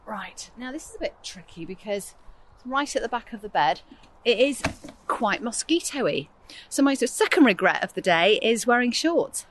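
A woman's voice: on the high side, sing-song, moderate pace, slight background noise. A middle-aged woman from England, hosting a gardening podcast outdoors, chatting casually in a rambling, self-deprecating way while she works.

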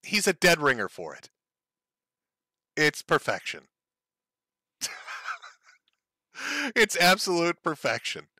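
A man's voice: on the high side, huge pitch swings, slow pace, pauses often, pushed and bright, dry recording. A man hosting a stream, giving mocking commentary over clips and laughing often. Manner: laughs often, sneering and gleeful. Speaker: streamer host.

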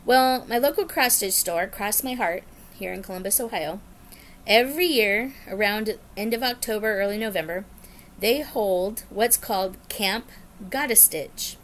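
Chatty, excitable woman vlogger. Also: mid-range voice, measured pace, slight background noise. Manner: chatty and rambling, bubbly and excitable. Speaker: cross-stitch vlogger. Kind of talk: casual chat to camera.

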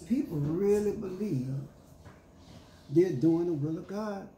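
Preaching in an echoey church with faint ambience, this pastor speaks slowly in a warm, high-sitting voice, with a little hiss or hum on the audio. His sermon mixes scripture reading with call-and-response, emphatically paraphrasing the text in casual slang.

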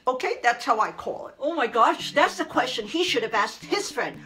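A woman's voice: fairly high pitch, big pitch swings, fairly bright tone, low-quality recording. A woman vlogger giving a casual, sarcastic commentary monologue, mocking the person she talks about and speaking straight to her. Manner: sarcastic, mocking, addressing the subject directly; repetitive, keeps saying "fast forward" and "move on".

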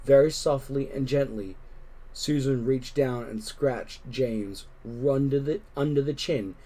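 A man narrates a children's book aloud in a gentle, expressive read-along style. His voice sits at an ordinary pitch with a mellow, warm tone. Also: slow. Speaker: storybook reader.

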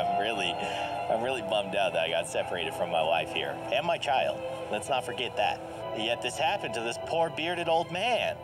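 A man giving lively, jokey commentary while playing a video game, reacting aloud and laughing often. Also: mid-range voice, normal speed. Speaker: gameplay commentator. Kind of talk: let's play commentary. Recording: game music playing behind. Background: game music.

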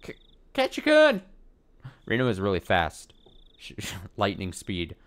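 Low-voiced man reading a visual novel. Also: unhurried. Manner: expressive, swears when annoyed. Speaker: let's play streamer.

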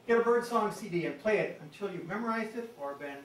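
A man giving a lively, jokey bird talk to an audience, breaking into bird-call imitations. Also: high-pitched, fast talker, noisy background. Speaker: bird expert giving a presentation. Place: meeting room with an audience. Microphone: distant from the microphone. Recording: echoey room from far off.

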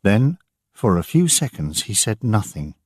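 A man narrating an audiobook for English learners, slow and clearly enunciated. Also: lowish voice, sing-song, dry recording, clean studio sound.

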